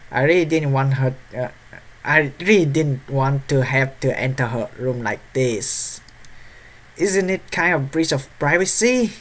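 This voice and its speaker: A male streamer reading a visual novel's text aloud during a live let's play, breaking into startled yelps and nervous laughs. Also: on the high side. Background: faint game music.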